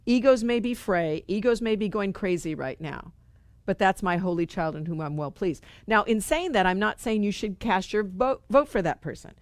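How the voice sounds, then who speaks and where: A middle-aged woman leads a spiritual study group, teaching in an earnest, conversational way and repeating phrases for emphasis. Her voice is medium in pitch and her pace moderate, on a dry recording.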